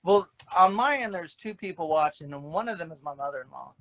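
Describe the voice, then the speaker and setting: A man co-hosting a casual live stream, giving dry, low-key replies. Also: animated, brisk, a bit bright, rough recording. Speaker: podcast co-host.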